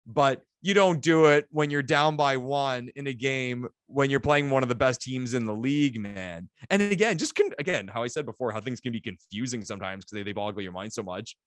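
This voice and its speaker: Excitable man on a dry mic. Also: medium pitch, brisk, few pauses, no echo. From Canada. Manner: excitable, animated storytelling with laughs. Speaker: podcast co-host. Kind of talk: casual sports podcast chat.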